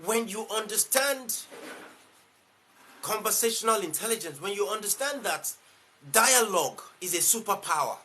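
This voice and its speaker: A life coach with a Nigerian English accent speaks on a live stream in a bright, forceful voice pitched a little above most men. He is emphatic, repeats his key lines for weight and keeps asking rhetorical questions. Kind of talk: motivational live-stream talk.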